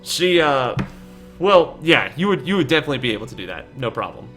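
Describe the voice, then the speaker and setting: A man narrating a tabletop game as the dungeon master, rambling and casual, with frequent fillers and offhand swearing. His voice is bright and forward, with faint music playing behind him. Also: mid-range voice, big pitch swings, brisk. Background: faint game soundtrack.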